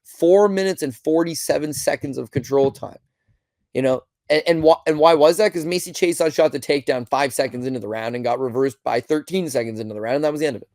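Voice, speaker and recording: A fast-talking podcast host with a fairly high, darkish voice recaps fights solo on a dry recording. His blunt, exasperated rant is full of swearing and rhetorical questions, and he mimics people mid-rant.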